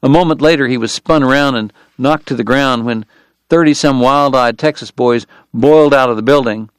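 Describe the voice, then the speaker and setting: A man narrating a western novel in a measured, even storytelling manner. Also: medium pitch, smooth, no echo. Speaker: audiobook narrator. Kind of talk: scripted narration.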